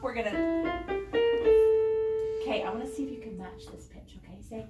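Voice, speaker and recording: A woman with a high, bright-pitched voice leads a singing lesson for children, cheering them on and demonstrating notes for them to match. She sounds a little off-mic in a roomy, echoing studio, with loud music playing behind her. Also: brisk, recorded from a distance. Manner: encouraging, models pitches for the student to copy. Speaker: singing teacher.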